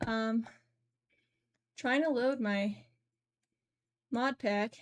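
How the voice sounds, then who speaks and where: A young adult woman streams games and chats casually, rambling and laughing often. Her voice is fairly high and she speaks extremely slowly, in the style of casual live-stream chat.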